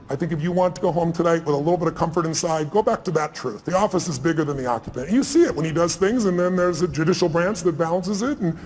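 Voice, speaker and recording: A man speaking on stage to an audience, telling stories fast and with emphasis, acting out what others said. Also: a little high, a little mellow, slight background noise. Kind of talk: stage conversation, storytelling. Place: large event hall with audience. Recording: reverberant hall, faint ambience.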